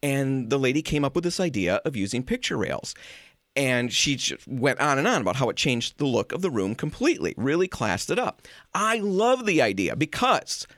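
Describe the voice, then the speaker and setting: Animated man in his forties. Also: mid-range voice, moderate pace, no room sound, clean studio sound. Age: 40s. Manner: animated, self-deprecating, laughs often. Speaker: podcast co-host. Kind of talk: casual chat.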